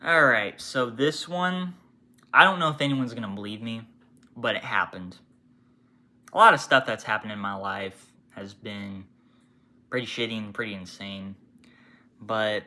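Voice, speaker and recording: A young man casually ranting about his retail job, swearing freely and mimicking customers with sudden shouts. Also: on the low side. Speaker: retail worker telling customer stories. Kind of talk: casual storytime rant.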